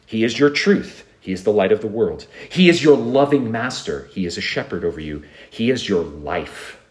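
Lively, animated male preacher. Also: fairly low pitch, moderate pace. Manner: earnest, rhetorical questions, repeated refrains. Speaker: pastor. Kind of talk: expository sermon.

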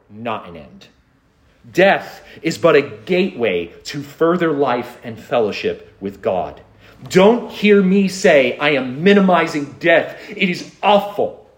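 Lively, animated male preacher. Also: fairly high pitch. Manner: earnest, rhetorical questions, repeated refrains. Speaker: pastor. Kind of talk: expository sermon.

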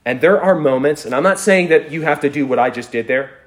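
A man's voice: mid-range voice, moderate pace. A man preaching a sermon in a conversational, storytelling way, chuckling now and then. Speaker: pastor.

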